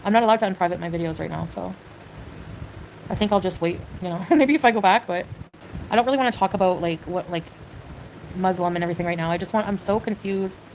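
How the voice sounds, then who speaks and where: A woman's voice: fairly low pitch, quick pace, a little mellow, slight background noise, rough recording. Hesitant rambling woman on a livestream. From Canada. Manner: hesitant, rambling, full of "like" and "you know".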